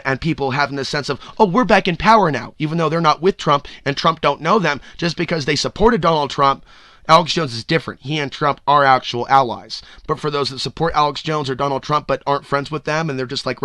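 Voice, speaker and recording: A man hosting a solo podcast with a bright, forceful voice sitting a bit high for a man. He rants loosely, swears freely and breaks into loud whoops, recorded close and dry with no room sound. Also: a little fast, no echo. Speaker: podcast host.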